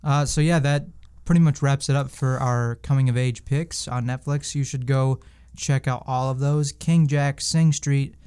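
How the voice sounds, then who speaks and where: A young man with a smooth, clear voice co-hosts a laid-back movie podcast. He rambles and restarts his sentences, and fills them with a lot of "like" and "uh.". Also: mid-range voice, fairly even intonation, moderate pace, few pauses, a little mellow. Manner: rambling, many fillers and restarts. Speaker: podcast co-host. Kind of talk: casual movie-review chat.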